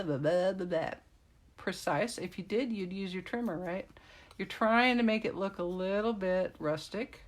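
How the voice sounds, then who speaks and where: Casting note: woman, middle-aged, mid-pitched, chatty craft demonstrator with rambling asides. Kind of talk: casual craft tutorial.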